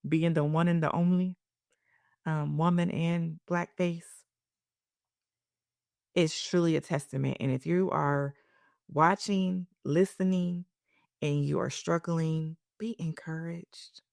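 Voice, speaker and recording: A woman's voice: deep voice, steady tone, slow pace, gravelly, pauses often, darkish tone, dry recording, studio quality. A woman hosting a podcast, speaking in an emotional, encouraging, almost preacherly way. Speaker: podcast host. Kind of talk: heartfelt podcast conversation.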